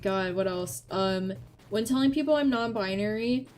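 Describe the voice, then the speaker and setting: Blunt, swearing woman, mellow voice. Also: mid-range voice, moderate pace. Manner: blunt, profane, rambling with restarts. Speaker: vtuber co-host. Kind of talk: casual chat. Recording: faint background music.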